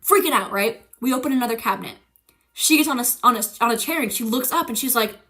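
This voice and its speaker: A young woman streamer telling a story in casual chat, animated and profane, acting out the voices of the people she quotes. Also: on the high side, a little fast.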